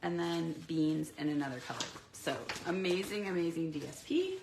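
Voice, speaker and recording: A woman's voice: sits low, moderate pace, vocal fry, very noisy. A sick, congested woman chatting casually and rambling with lots of ums as she demonstrates papercraft products on a live stream from her home craft desk.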